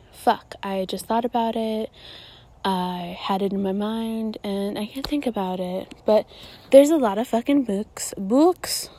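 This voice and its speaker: A woman's voice: a little high, normal speed. A young woman hosting a podcast, delivering a casual, profane and exasperated rant. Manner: profane, exasperated, animated ranting. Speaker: podcast host.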